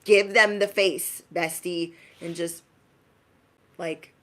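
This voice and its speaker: A woman's voice: on the low side, fairly even intonation, takes it slowly. A woman giving a casual spiritual message to her viewers as an intuitive reader, in a chatty, emphatic, slangy way.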